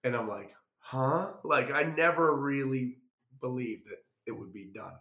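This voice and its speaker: A man recounts a long travel mishap in a rambling, animated way, performing what people said. He has a medium-pitched voice at normal speed, and the recording has a roomy echo.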